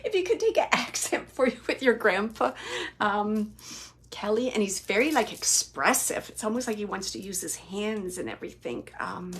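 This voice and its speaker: A woman hosts live mediumship readings and passes along spirit messages in the first person. Her voice has a gravelly, husky edge. She talks in a loose, halting way, full of "like" and "um.". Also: mid-range voice, very animated, fairly bright tone. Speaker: psychic medium and host.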